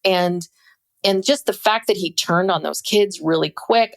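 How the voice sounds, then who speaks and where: A woman's voice: medium pitch, normal speed, vocal fry. A woman co-hosting a podcast, discussing a documentary in a thoughtful, chatty way with hesitant fillers. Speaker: podcast co-host. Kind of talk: casual chat about a documentary.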